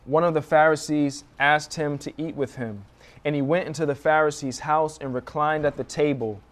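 A man's voice: fairly high pitch, steady tone, normal speed. A young American man preaching a sermon as a guest pastor, telling stories with animation and acting out the cries of children.

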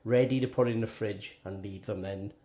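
A man's voice: fairly low pitch, fairly even intonation, moderate pace, dark tone. A man in his sixties with a Welsh accent talks viewers through kneading sourdough in his home kitchen, chatty and step by step. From Wales. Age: 60s. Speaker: home baker. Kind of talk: casual baking demonstration. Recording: echoey kitchen, faint background noise.

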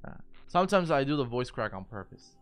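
Faint music sits behind this man's medium-pitched, sing-song voice as he talks fairly fast. He's a streamer playing a game, chatting to viewers in a rambling, foul-mouthed way.

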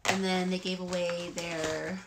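A woman's voice: on the low side, little pitch movement, unhurried, background noise. A woman vlogger chatting casually about free beauty products, rambling with frequent fillers. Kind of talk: casual haul chat.

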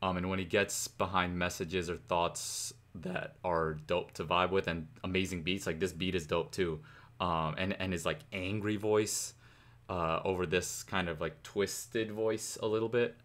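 Young guy reacting to a rap track, lowish voice, picks apart the rhymes line by line, chill and chatty. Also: steady tone, unhurried, a bit bright. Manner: analytical, breaks down rhymes by reciting lyrics. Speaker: music reaction host. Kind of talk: casual reaction commentary.

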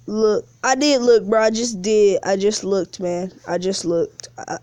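Slangy, slow-talking woman streamer. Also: mid-range voice, fairly even intonation, darkish tone, no echo. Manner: slangy, calls viewers bro and man; whiny complaints about lag. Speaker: live streamer. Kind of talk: casual game streaming chat.

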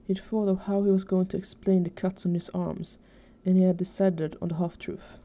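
A woman reading fan fiction aloud in a steady, even way. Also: fairly low pitch, normal speed, few pauses. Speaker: fanfiction reader. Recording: dull lo-fi recording.

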